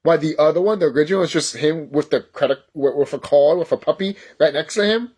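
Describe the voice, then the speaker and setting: A man in his thirties talking casually in a vlog, excitable and rambling, swearing often and stumbling over his words when he gets worked up. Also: a little high, fast talker, slightly rough. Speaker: YouTuber. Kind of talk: casual nostalgic vlog talk.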